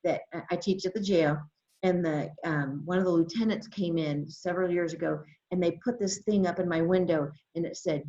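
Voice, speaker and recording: A woman's voice: fairly low pitch, steady tone, normal speed, dark tone. An enthusiastic woman presenting a webinar. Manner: enthusiastic, exclamatory, reads chat aloud. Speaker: adult education trainer. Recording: roomy, slightly dull webinar audio.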